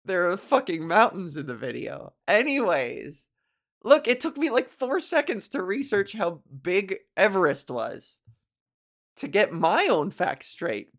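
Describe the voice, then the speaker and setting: Lively, rambling woman podcaster. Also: medium pitch, unhurried. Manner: rambling, profane, self-mocking, laughs often. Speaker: podcast host. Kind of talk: casual solo podcast monologue.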